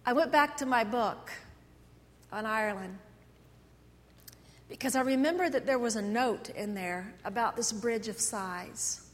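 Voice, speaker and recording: Woman pastor, high-pitched, animated storyteller; recorded in a reverberant sanctuary. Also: measured pace, long pauses. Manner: animated storytelling, swings between loud and soft. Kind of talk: sermon. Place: church sanctuary. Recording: echoey church hall.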